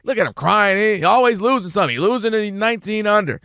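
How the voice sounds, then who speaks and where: High lively guy hosting a sports debate, keeps acting out what fans say, dry studio sound. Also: fast, no room sound. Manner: animated, acts out fans' voices, repeats himself. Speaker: sports talk show host.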